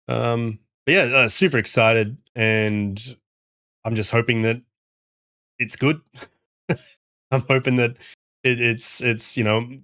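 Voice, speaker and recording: A man in a casual live-stream chat, rambling through his thoughts, swearing freely and reading out chat. His voice sits a little low, recorded close on a desk mic at home with a dry, dead sound. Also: a bit bright, no echo. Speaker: game streamer and indie developer.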